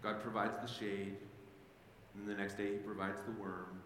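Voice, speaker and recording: A male pastor preaching a sermon, telling the story with animated restarts and acting out the figures. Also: on the low side, moderate pace. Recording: very echoey hall, faint background noise.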